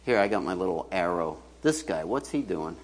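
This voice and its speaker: A man's voice: deep voice, animated, moderate pace. A man preaching a sermon as pastor, chatty and joking, putting questions to the congregation. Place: church hall. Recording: church hall reverb.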